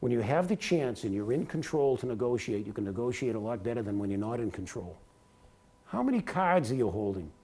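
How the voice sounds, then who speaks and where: Middle-aged guy telling stories at a college talk, mellow dark voice, animated. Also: mid-range voice, brisk, breathy edge. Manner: animated storyteller, slips into sportscaster cadence. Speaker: speaker giving a talk. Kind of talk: motivational talk with anecdotes. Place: lecture hall at a university.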